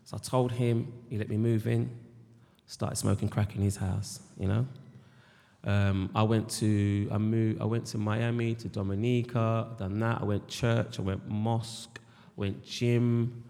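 A man's voice: on the low side, creaky, warm tone. British guy in his 40s-ish telling his story straight, rambly, repeats himself a lot, big hall echo. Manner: rambling, repeats words and phrases. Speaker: speaker sharing his recovery story. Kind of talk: candid personal testimony. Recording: long hall reverb.

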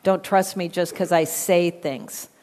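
Low-voiced woman leading a recovery workshop. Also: unhurried, warm tone, in a large hall. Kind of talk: workshop talk.

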